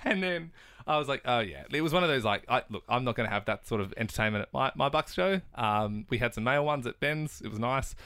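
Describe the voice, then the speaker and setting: A man's voice: medium pitch, quick pace, smooth, no echo, studio quality. A young man telling a story on a podcast, acting out what people said and laughing often. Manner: animated, acts out quotes, laughs often. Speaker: podcast co-host. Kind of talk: casual storytelling chat.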